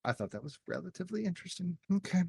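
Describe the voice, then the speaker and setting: Lively, playful male podcast host. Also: high-pitched, racing, gravelly, slightly rough, dry recording. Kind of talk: casual panel chat, reading trivia.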